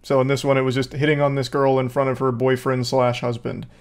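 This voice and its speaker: A man's voice: mid-range voice, monotone, brisk. A man giving blunt, profane, sarcastic commentary on video clips. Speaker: commentary host.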